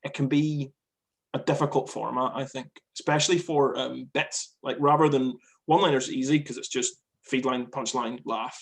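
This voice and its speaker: A man talking shop as a guest on a comedy chat show. He rushes through his points, restarting phrases and circling back. The tone is casual and conversational. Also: medium pitch, steady tone, vocal fry. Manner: quick, rambling, many restarts.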